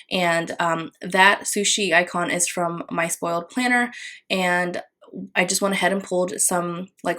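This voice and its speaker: A woman's voice: fairly low pitch, a bit bright. A young adult woman casually narrating a plan-with-me voiceover, chatty with frequent fillers and little apologies. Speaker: planner vlogger.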